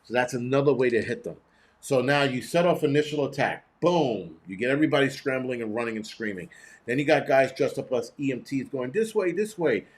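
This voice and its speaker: A man hosting a prepping show, giving blunt, profane, rambling live-stream commentary and reading chat messages aloud. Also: medium pitch.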